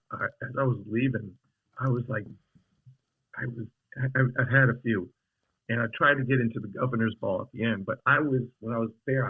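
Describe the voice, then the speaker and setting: A man, an actor guest on a podcast, telling an animated anecdote with frequent laughs and self-corrections. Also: mid-range voice, breathy edge, phone-quality sound. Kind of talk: storytelling in a podcast interview.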